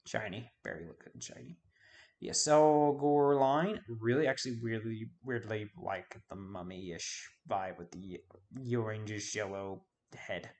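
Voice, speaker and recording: A man's voice: fairly low pitch, a little slow, a little mellow. A man giving casual video game commentary, rambling and forgetting names with self-deprecating asides. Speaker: YouTube host.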